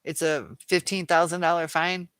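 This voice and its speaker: A woman hosting a casual live chat, reading out viewer comments, chatty and quick to laugh. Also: lowish voice, little pitch movement, a bit bright, clear, resonant tone, no echo.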